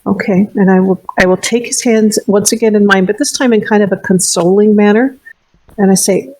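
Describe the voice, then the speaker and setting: A woman playing a tabletop game, calmly describing her character's actions step by step. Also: mid-range voice, fairly quick, dry recording, rough recording. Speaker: player.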